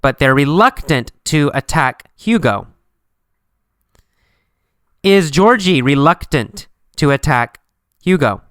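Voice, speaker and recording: A man teaching an English lesson, asking simple questions and answering them himself, slowly and with a lot of repetition. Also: fairly high pitch, animated, fairly bright tone, smooth, no echo, studio quality.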